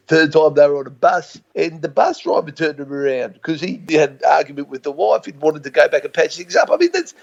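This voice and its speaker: A man's voice: a little high, expressive, a little fast, vocal fry, few pauses. A man with an Australian accent co-hosting a comedy sports radio show by phone, spinning rambling, blokey yarns. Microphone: phone line. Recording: dull phone-line sound.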